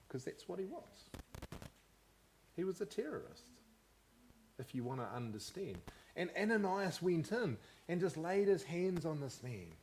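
Pastor, male, slightly higher voice, lively preaching delivery that keeps asking the congregation questions. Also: a little hiss or hum. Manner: animated, asks the congregation questions. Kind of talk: sermon.

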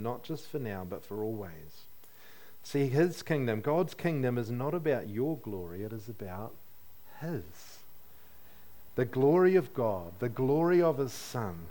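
A man's voice: mid-range voice, lively intonation, measured pace, dark tone. A man preaching a sermon in a conversational way, asking his listeners questions and adding light humor.

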